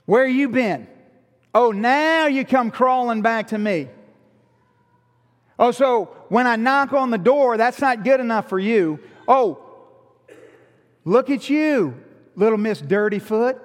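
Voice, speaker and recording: A man's voice: very high voice, expressive, slow, long pauses, big-room sound, exaggerated voice. A man voicing a sulky husband who mocks his returning wife with indignant sarcasm. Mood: sarcastic. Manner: mocking, indignant.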